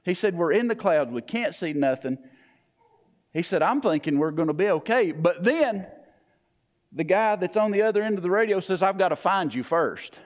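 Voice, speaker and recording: Male preacher, folksy storyteller, a little high-pitched, tags lines with "he said". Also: animated, normal speed. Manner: folksy, repeats "he said" and "I went". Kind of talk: storytelling sermon illustration.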